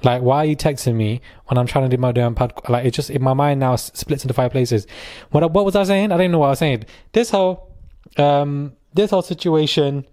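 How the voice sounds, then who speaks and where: A man's voice: medium pitch, brisk, dark tone, no echo, studio quality. Young British male podcast host, chatty and sarcastic, rambling delivery. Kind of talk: casual chat.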